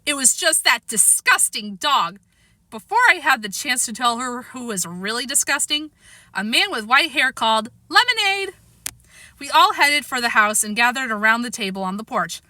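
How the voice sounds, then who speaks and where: Woman reading a kids' story, bright voice, animated pitch, dry close sound. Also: fairly quick, dry recording. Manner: lively, expressive. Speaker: audiobook reader. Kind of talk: storybook narration.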